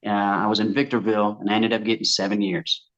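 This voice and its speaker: A man's voice: fairly low pitch, little pitch movement, fast talker, a bit bright, muffled recording. A man from Kansas, a tattoo artist, telling stories in a candid, profane, casual way on a podcast. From Kansas, USA. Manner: candid, profane, vivid storyteller. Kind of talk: casual storytelling chat.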